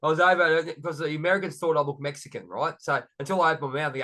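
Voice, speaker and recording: An Australian man hosting a casual podcast chat, lively and rambling. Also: on the high side, rapid-fire, hardly any pauses. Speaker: podcast host.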